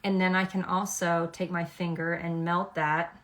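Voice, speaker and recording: Middle-aged makeup lady walking you thru her routine, lower voice, chatty, keeps saying okay?. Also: little pitch movement, unhurried, a bit bright. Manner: chatty, instructive, checks in with "okay?". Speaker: makeup artist. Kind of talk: makeup tutorial.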